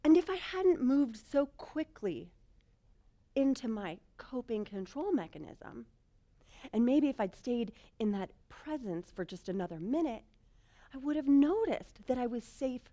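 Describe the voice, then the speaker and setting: Woman storyteller, high voice that leaps all over, goes hushed then loud, jokes at herself. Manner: animated, self-mocking with laughs; dramatic swings from hushed to loud. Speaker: speaker. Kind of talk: storytelling talk.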